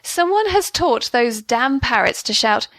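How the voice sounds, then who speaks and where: A woman reading a first-person comic diary story aloud, with an indignant, storytelling manner. Her voice sits fairly high. The sound is close and dry, with no room around it. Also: very animated, a little slow, a bit bright, dry recording. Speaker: story narrator. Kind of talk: scripted first-person narration of audio fiction.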